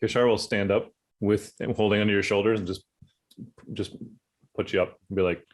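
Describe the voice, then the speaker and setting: Male player, low voice, playful and teasing, casual game chat. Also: level tone, normal speed. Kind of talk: casual tabletop play.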